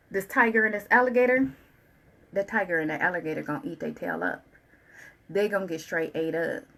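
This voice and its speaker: A woman giving a channeled tarot reading, talking in an animated, colloquial way and repeating phrases in a preaching rhythm. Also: on the low side, low-quality recording. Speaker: tarot reader.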